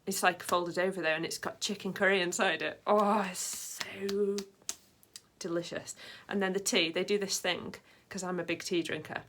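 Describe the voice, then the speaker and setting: A woman's voice: on the low side, steady tone, moderate pace, fairly bright tone. A woman vlogging in a casual, rambling way, full of fillers and side tangents. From Britain. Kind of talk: casual chat to camera.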